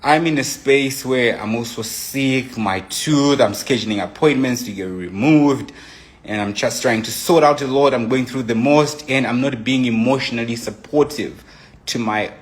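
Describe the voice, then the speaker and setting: A man's voice: mid-range voice, moderate pace. A young man casually telling a personal relationship story, rambling with many restarts and frequent asides. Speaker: guest telling his side of a breakup.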